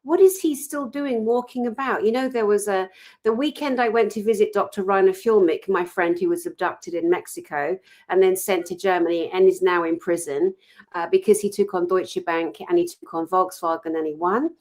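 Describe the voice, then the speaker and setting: A woman co-hosting a casual chat, speaking in a passionate, outspoken, animated storytelling manner. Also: medium pitch, moderate pace. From Britain. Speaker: co-host.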